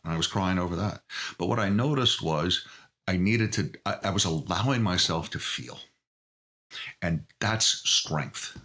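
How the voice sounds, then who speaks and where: Deep, forceful middle-aged man, earnest. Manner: earnest, emotionally open, halting. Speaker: podcast guest. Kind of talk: candid interview conversation.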